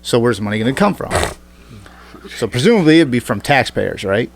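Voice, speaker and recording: A man with a middle-pitched voice hosts a loose podcast conversation. He rambles, swears freely and works out numbers aloud, often stopping to correct himself. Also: big pitch swings, brisk, gravelly. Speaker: podcast host. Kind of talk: casual podcast chat.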